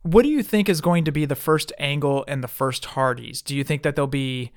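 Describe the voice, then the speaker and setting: A man co-hosting a casual podcast chat, easygoing and quick to laugh. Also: on the high side, no echo, clean studio sound. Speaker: podcast co-host.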